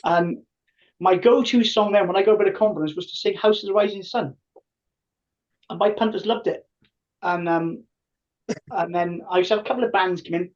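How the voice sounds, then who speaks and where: A man in his fifties tells stories on a podcast. He talks in an animated way and acts out voices from his past. The sound is muffled and lo-fi. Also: sits high, fairly quick, long pauses, recorded from a distance. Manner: animated, acts out quoted dialogue. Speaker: podcast guest, tribute band singer. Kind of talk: casual storytelling. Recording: muffled lo-fi audio.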